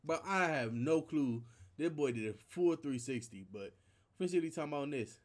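A man's voice: on the high side, expressive, fairly quick. A young man hosting a casual reaction video, talking loosely and chattily and tossing in slang like 'man' and 'bruh'. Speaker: YouTube reaction host.

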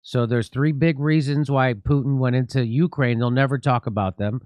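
A middle-aged man hosts a political talk show in a sarcastic, mocking tone. His deadpan jokes land in a dry, close studio sound with no room echo. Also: medium pitch, moderate pace. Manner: mocking, deadpan jokes, laughs at own lines. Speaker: host.

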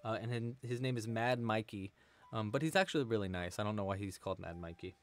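A man's voice: on the low side, quick pace. A man hosting a live crochet tutorial stream, chatting casually, thanking donors and answering the chat. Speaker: crochet livestream host.

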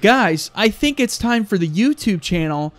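A young man giving loud, crude, excitable commentary while playing a video game. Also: high-pitched, unhurried, no room sound. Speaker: gaming YouTuber. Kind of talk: let's play commentary.

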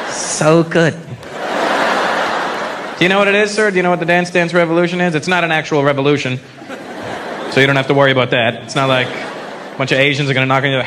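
A man's voice: fairly high pitch, a little fast, long pauses. A man doing a stand-up comedy set on stage, brash and profane, teasing the crowd. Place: comedy stage before a live audience. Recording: live stage mic with crowd noise.

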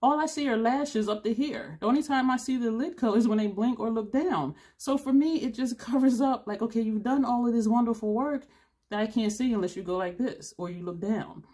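A woman's voice: on the high side, brisk, darkish tone. A woman in her fifties chatting casually to camera as a beauty vlogger, blunt and rambling, laughing now and then, a little tired. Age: 50s.

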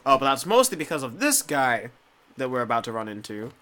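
A young man giving casual let's play commentary, rambling, swearing freely and talking to the screen, muttering quietly and then breaking into loud excited outbursts. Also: mid-range voice, fairly quick, faint music behind. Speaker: gameplay commentator.

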